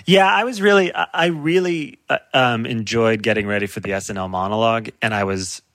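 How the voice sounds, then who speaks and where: A man's voice: mid-range voice, fairly quick, fairly bright tone, dry recording, studio quality. A male comedian in a casual chat, laughing often as he riffs and acts out silly voices. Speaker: comedian guest.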